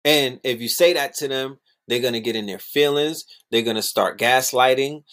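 A man talking in a casual, animated monologue, full of slang and repeated phrases, sometimes mocking other people's voices. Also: mid-range voice, moderate pace.

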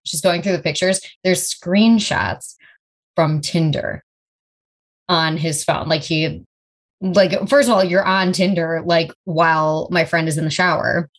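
Woman co-host, chatty gossip storyteller, lowish pitch. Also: unhurried. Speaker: podcast co-host. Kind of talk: casual chat.

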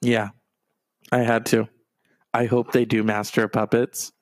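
A man's voice: mid-range voice, flat delivery, unhurried, no echo. A man hosting a podcast, chatting casually in a rambling, profane way and swearing freely. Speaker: podcast host. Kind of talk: casual chat.

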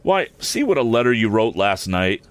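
A man voicing a kindly, simple village blacksmith who talks slowly in a homely rustic dialect. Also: lowish voice, sing-song, dry recording, voice pushed up. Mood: gently reassuring.

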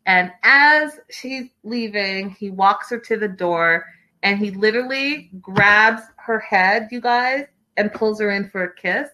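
A woman's voice: mid-range voice, takes it slowly, pushed and bright, low-quality recording. A young adult woman hosting a casual live recap, gossiping about a reality show and answering viewer comments. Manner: chatty and gossipy, reads viewer comments aloud. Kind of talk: casual livestream recap chat.

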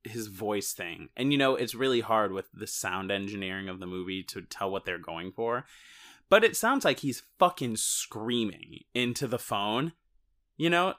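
With a fairly low, fairly bright voice and a moderate pace, a male co-host recaps a movie on a casual podcast. His sentences ramble and interrupt themselves, peppered with joking asides.

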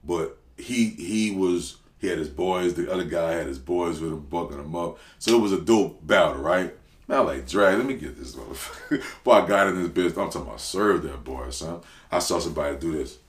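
Very deep-voiced New man, roomy. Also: brisk. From New Orleans. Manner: animated, slangy, loud bursts when telling stories. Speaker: podcast guest, rapper. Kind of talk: casual storytelling interview. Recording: roomy echo.

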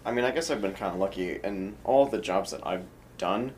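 A man in casual podcast chat with a very deep voice. He speaks in a measured, thoughtful way. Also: a little mellow, slight background noise.

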